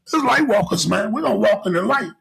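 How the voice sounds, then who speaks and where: A middle-aged man hosts a podcast, riffing in an animated, preachy way and circling back over his points. His voice is high, very gravelly and husky, with a bright, forceful edge, and it swings widely in pitch. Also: fairly quick, low-quality recording. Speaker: podcast host. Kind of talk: casual podcast monologue.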